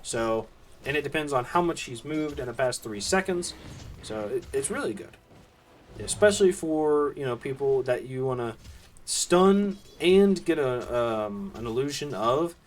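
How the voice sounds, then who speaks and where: This esports caster speaks with a Southern US accent, his mid-range voice animated yet unhurried. Working alone, he gives easygoing, chatty play-by-play of the match, full of asides and fillers, over slight background noise.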